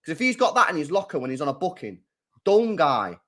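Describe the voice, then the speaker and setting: A young man giving live, slangy reaction commentary on a football match. He drifts between low mumbling and loud, sweary outbursts. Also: sing-song, fairly quick. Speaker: football watchalong streamer.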